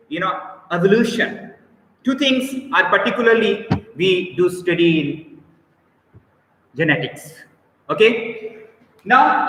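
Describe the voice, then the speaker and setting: A man with an Indian English accent teaches a live online biology class, explaining patiently, repeating points, and calling on students by name. His high voice sounds pushed and bright, and the poor audio is very echoey, as if in a large hall.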